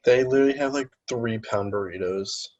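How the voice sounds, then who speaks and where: A young man chats as a podcast co-host, animated and quick to slip into high-pitched voices when he quotes people. His voice sits in a middle range. The sound is dull and lo-fi, with a dry, close feel. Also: no echo. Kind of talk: casual chat.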